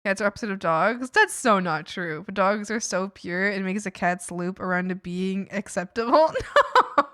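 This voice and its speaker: A woman's voice: mid-range voice, moderate pace, a bit bright. A woman streamer chatting casually with her viewers, rambling with lots of fillers and frequent laughs.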